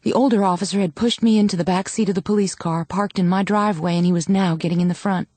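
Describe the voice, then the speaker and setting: A woman narrating a dramatic audiobook in a measured first-person reading. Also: mid-range voice, steady tone, warm tone, no echo.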